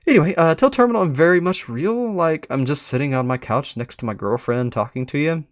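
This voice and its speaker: A man's voice: on the high side, brisk, dry recording, clean studio sound. A man hosting a live read-through, commenting in an amused, chatty way. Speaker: web series explorer and host.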